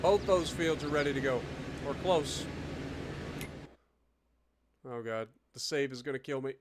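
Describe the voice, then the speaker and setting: A man's voice: mid-range voice, measured pace, noisy background. A man casually commenting on his own gameplay as he streams, chatty and talking to himself as he plays. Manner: chatty, talks to himself while playing. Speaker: gaming streamer.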